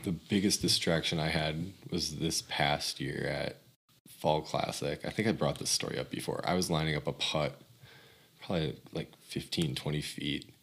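Very deep-voiced man telling a rambling story. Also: fairly even intonation, moderate pace, creaky, a bit bright, husky. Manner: rambling, heavy use of "like", mimics his own reactions. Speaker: podcast co-host. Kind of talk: casual storytelling chat.

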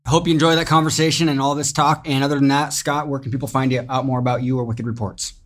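A man co-hosting a podcast, moving things along briskly with jokes. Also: medium pitch, little pitch movement. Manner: brisk, jokey. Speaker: podcast co-host.

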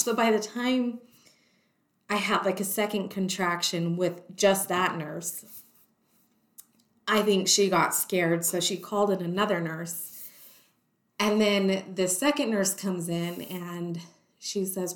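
A woman telling a personal story in a lively way, acting out the voices of the people in it. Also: mid-range voice, measured pace. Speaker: guest telling her story. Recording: roomy echo.

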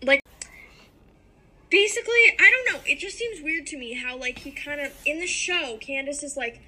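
A young woman with a bright, sharp and rather high voice talks through a book in casual podcast chat. She rambles, filling her sentences with "like", and insists on her point when challenged. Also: lively intonation, moderate pace, a little hiss or hum, poor audio. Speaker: podcast co-host.

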